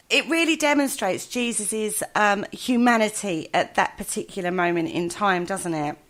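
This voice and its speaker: A woman's voice: medium pitch, moderate pace, few pauses, a bit bright. Reflective woman, emphatic podcast guest. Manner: reflective, emphatic, stresses key words. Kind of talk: casual discussion on faith.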